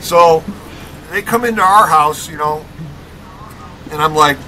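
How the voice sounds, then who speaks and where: A middle-aged podcast guest from Rockford, Illinois, animatedly recounts his college basketball days, speaking emphatically and often ending lines with "okay?". His fairly high voice moves at a measured pace with long pauses, and the recording is rough.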